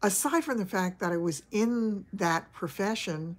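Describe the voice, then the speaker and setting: An older woman with a New York accent, talking in an unhurried, drawn-out way. She chats casually with her livestream audience, laughing easily and clearing her throat now and then. Her voice sits in an ordinary middle pitch. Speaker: vlogger host, former actress. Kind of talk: casual livestream chat reading viewer comments.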